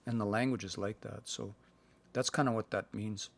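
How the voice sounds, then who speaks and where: A man from Canada giving a casual livestream language lesson, thinking aloud and slowly sounding out words between fillers. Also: lowish voice, fairly even intonation, vocal fry. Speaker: language learner sharing practice phrases. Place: indoors, livestream. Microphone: phone.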